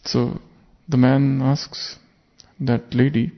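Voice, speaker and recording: A man delivers a spiritual sermon, his voice rough with gravel. He speaks earnestly, turning his points into rhetorical questions for his listeners. The recording sounds dull and lo-fi. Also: mid-range voice, little pitch movement, slow. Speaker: spiritual teacher. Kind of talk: sermon with parable. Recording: muffled lo-fi recording.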